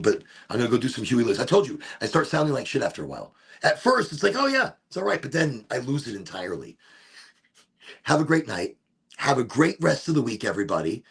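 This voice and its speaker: A man's voice: mid-range voice, vocal fry, breathy edge. A man hosting a live stream, rambling and swearing in a laid-back chat. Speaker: livestream host.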